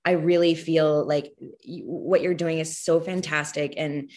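A woman guest on a podcast interview, speaking in a rather low voice. She comes across as effusive and gushing, with laughter often breaking into her words. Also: fairly even intonation, measured pace, darkish tone. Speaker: actor guest. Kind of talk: casual interview chat.

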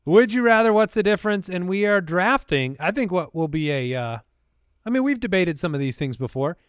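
A man's voice: high voice, animated, a little fast, clear, resonant tone, no room sound, clean studio sound. A man hosting a podcast in casual, jokey chat, laughing often. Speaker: podcast host.

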